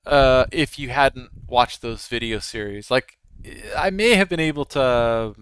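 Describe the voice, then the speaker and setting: A man's voice: mid-range voice, measured pace, fairly bright tone, clear, resonant tone, dry recording, poor audio. A man giving casual, rambling live commentary while trading futures, talking straight to his viewers. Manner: rambling, conversational, frequent restarts. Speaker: futures trader streaming live.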